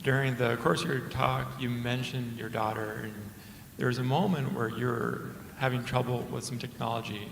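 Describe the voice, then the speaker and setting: A man moderating a conference Q&A, asking the speaker a measured, courteous question. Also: mid-range voice, little pitch movement, creaky. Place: conference hall. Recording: roomy hall with faint noise.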